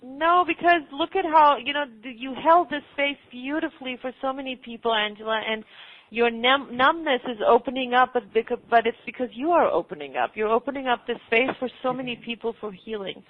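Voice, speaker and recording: A woman's voice: sits high, a little fast, no echo. Gushing woman host on a phone line. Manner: effusive, emotional, gushing. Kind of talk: telesummit hosting on a call. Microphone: phone or conference call line.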